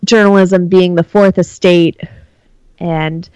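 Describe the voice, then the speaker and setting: Chatty woman telling lively stories. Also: lowish voice, slow, smooth, no room sound, rough recording. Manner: animated storyteller, acts out quoted voices. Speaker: podcast guest. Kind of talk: casual conversation.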